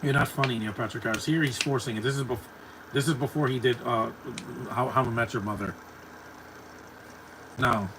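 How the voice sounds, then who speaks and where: A man's voice: medium pitch, fairly even intonation, brisk, long pauses. This is a man with an ordinary mid-range voice talking casually over a film as it plays. He rambles and restarts often, repeating words before he lands on a point. A faint background noise sits under the recording. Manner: rambling, stumbles and repeats words, chuckles to himself. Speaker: movie commentator. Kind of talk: casual live movie commentary.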